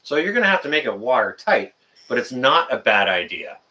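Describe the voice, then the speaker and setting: A man hosting a live stream, chatting casually with viewers in a rambling, excitable, jokey way. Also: mid-range voice, a little fast, lo-fi sound. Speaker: livestream host answering chat.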